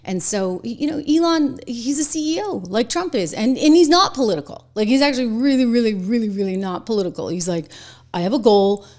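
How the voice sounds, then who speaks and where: A woman's voice: fairly high pitch, a little fast, hardly any pauses. Chatty woman host talking politics. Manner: chatty, animated, laughs between points. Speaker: political commentary show host. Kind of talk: casual political commentary.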